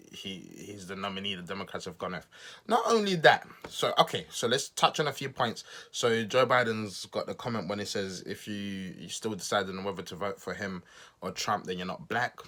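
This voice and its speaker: A man's voice: low voice, sharp tone. A man hosting his own podcast, giving casual political commentary in a rambling way, often restarting his sentences and making self-deprecating asides. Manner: rambling, with frequent restarts and stumbles. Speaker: podcast host.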